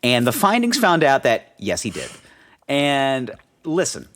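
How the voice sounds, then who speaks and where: A man chatting on a casual podcast with a lively, swooping voice that rises and falls a lot. He jokes, swears freely and keeps the stories rolling. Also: mid-range voice, measured pace. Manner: joking, swears freely, animated storyteller who slips into mock voices. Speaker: podcast co-host. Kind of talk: casual chat.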